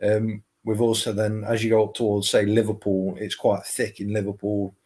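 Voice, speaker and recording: A man's voice: fairly low pitch, monotone, normal speed, darkish tone. A man with an English accent chatting casually as a guest, rambling and searching for words. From England. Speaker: guest, paranormal podcaster. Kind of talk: casual chat.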